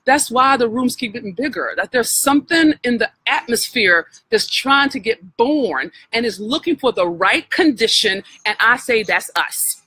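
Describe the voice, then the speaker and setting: A woman's voice: fairly high pitch, lively intonation, moderate pace, few pauses, sharp tone, slightly rough, dry recording, poor audio. A woman coach giving a heartfelt, preacher-like healing talk on a live stream, speaking directly to her listeners. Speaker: spiritual wealth coach.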